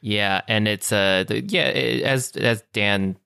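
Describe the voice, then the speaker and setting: A man with a low voice chats casually over a video call. He hesitates often and fills the gaps with ums and uhs. The sound is dry and close, with no room around it. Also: slow, gravelly, pushed and bright, clean tone, dry recording. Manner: hesitant, many fillers and restarts. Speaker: conversation partner. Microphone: webcam or computer mic on a video call.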